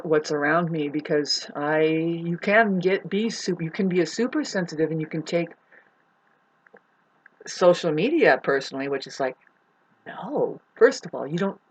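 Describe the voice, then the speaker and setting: A spiritual astrology vlogger speaks from home in a low-sitting voice with lo-fi sound. She rambles through a spiritual monologue, swearing and breaking into emphatic outbursts.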